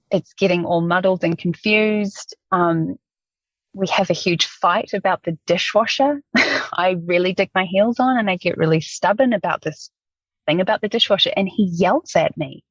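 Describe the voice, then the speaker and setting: Middle-aged woman, podcast guest, candid storytelling; low-ish voice, dry muffled mic. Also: fairly even intonation, a little slow, dry recording. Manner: reflective, open, frequent ums.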